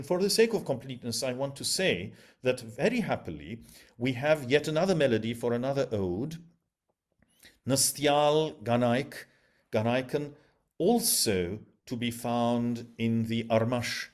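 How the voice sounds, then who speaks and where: A man's voice: mid-range voice, a little mellow. A man giving a formal academic lecture over a video call, with learned phrasing and frequent hesitant fillers.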